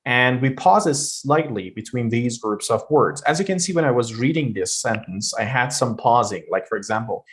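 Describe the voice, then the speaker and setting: A man's voice: medium pitch, moderate pace, few pauses. Man teaching an English pronunciation lesson. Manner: explanatory, demonstrates flat robotic reading. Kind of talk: online lesson.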